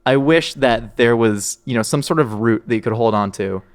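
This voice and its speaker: A man's voice: medium pitch, moderate pace, a little hiss or hum. A young man co-hosting a podcast in casual chat, rambling and joking with lots of fillers. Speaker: podcast co-host, chef.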